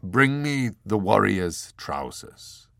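A man voicing an old male abbot in an audiobook, speaking in a slow, measured, solemn way. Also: fairly low pitch, sing-song, vocal fry, fairly bright tone, no room sound, clean studio sound, exaggerated voice. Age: older. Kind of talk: audiobook character voice.

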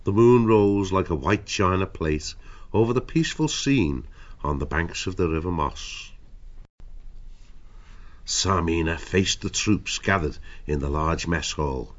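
Deep-voiced male narrator for an audiobook; steady, measured storytelling, lo-fi sound. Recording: dull lo-fi audio.

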